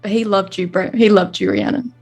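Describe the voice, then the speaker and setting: A woman's voice: medium pitch, fairly even intonation, brisk, gravelly, darkish tone, faint music behind. A woman doing a drunk, tender warrior woman.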